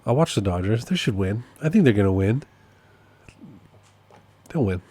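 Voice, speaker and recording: A man's voice: fairly low pitch, animated, normal speed, mellow. A man hosting a casual solo podcast update, rambling and amused at himself, often repeating his points. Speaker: podcast host and process server.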